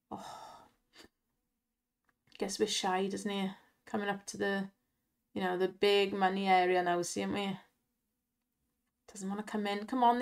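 A woman, chatty and excitable, giving casual commentary to viewers over slot play and laughing often. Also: a little high. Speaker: slot gaming channel host. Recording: music loud behind voice.

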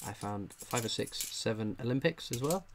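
A man's voice: mid-range voice, expressive, moderate pace, very noisy. Laid-back man reading live chat. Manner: dry, understated humour; frequent filler "uh" while scanning chat. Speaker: livestream host. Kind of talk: casual livestream chat reading viewer comments.

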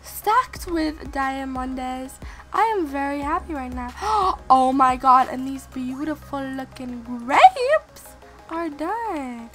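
Sick female gaming host, high-pitched and bright, unhurried but excitable, addresses viewers directly, faint music under her. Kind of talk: let's-play gameplay commentary.

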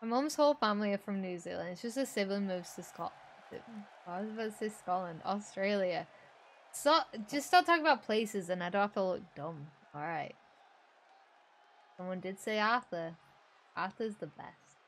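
A woman's voice: mid-range voice, lively intonation, moderate pace, fairly bright tone, a little hiss or hum. A woman co-hosting casual commentary on a wrestling game, bantering and cheerfully admitting she gets confused. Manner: bantering, easily confused, laughing. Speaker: co-host.

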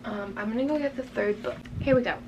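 A woman's voice: a little high, fast talker, dull audio, background noise. Chatty woman vlogging her bookshelf. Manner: chatty, easily distracted, enthusiastic about books. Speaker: book vlogger. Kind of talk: casual chat. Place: bedroom with a running fan.

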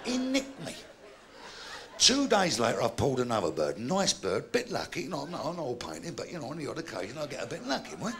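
Older cockney comic telling rude stories, gravelly, yells the sound effects, jumpy pitch. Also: male voice, a little fast, crowd noise. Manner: animated, bawdy yarn-spinning with shouted sound effects. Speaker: stand-up comedian. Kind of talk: live stand-up storytelling. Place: live comedy venue.

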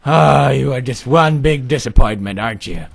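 A man playing a callous father who scolds and dismisses his son in a gruff way. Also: medium pitch, moderate pace, lightly acted. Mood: gruff, dismissive.

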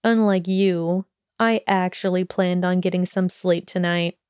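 A woman voicing a sullen, sharp-tongued young wizard, scornful and biting in an audiobook reading. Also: fairly low pitch, fairly even intonation, measured pace, clear, resonant tone, no room sound, clean studio sound, lightly acted. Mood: weary.

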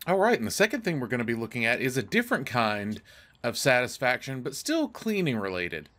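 A man hosting a let's play, excitable and joking as he talks to himself while playing. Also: mid-range voice, fairly quick. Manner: excitable, joking, self-talking. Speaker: gaming channel host.

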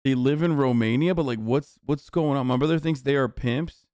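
A man's voice: mid-range voice, normal speed, a little mellow, clean tone, no room sound, clean studio sound. A man streaming casual reaction commentary, incredulous, mocking and profane.

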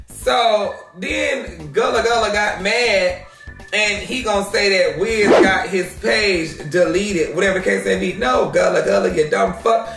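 Sassy high-voiced man ranting in an echoey room. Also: measured pace, soft background music. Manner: sassy, loud, swears a lot, mocking. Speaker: gossip commentary host. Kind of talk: profane drama commentary. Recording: roomy echo, distant from mic.

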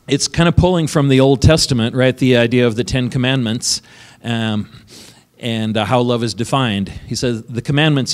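A man's voice: mid-range voice, moderate pace, long reverb tail. A man preaching a sermon as pastor, talking conversationally and often checking in with "right?" between points. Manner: conversational, keeps asking "right?" and chuckling. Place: church sanctuary.

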